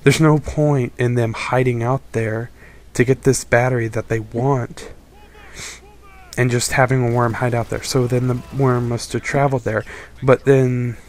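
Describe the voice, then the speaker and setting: A man's voice: medium pitch, level tone, measured pace, slight background noise. A young adult man giving a casual, critical film review, rambling and exasperated. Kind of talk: casual opinion monologue.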